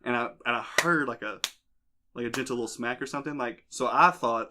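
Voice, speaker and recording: A man's voice: mid-range voice, brisk, pushed and bright. A young man hosting a podcast, telling a crude, rambling story in casual chat. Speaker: podcast host. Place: basement.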